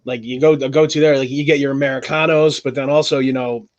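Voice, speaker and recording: A man's voice: mid-range voice, fairly even intonation, quick pace, lo-fi sound. A young man chatting on a podcast, his voice in a middle range, loose and full of swearing and laughter. He talks casually with a co-host, rambling from one thought to the next. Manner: loose, profane, laughs often. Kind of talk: casual chat.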